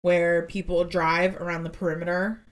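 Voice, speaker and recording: Chatty woman podcast co-host, slightly low. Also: moderate pace. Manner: rambling animated storytelling, many "like"s. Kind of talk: casual chat.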